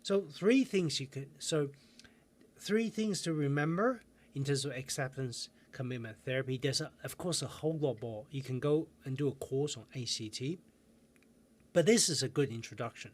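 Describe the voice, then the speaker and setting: A man coaching viewers in a self-help video lesson, calm and guiding, slowing down with pauses for breathing exercises. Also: mid-range voice.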